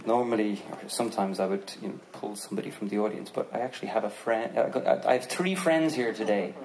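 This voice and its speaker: A man with an Irish accent telling a joking, relaxed story to an audience between songs at a live outdoor concert. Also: lowish voice, a little fast. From Ireland. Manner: relaxed, joking, chatty, swears casually. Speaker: singer on stage. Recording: live concert recording with crowd noise. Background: audience crowd murmur.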